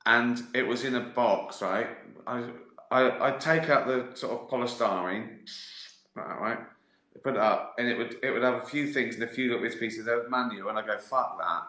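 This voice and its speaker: On a livestream recorded in a roomy, echoey room, a comedian talks loosely with viewers, self-mocking and rambling from tangent to tangent. His medium-pitched voice moves at normal speed with a steady yet sharp tone.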